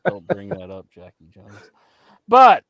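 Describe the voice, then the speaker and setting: A man's voice: fairly high pitch, wildly swooping pitch, slow pace, muffled recording. Ranting, foul-mouthed man podcaster. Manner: profane, ranting, mimics people he mocks. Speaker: podcast co-host. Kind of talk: casual chat.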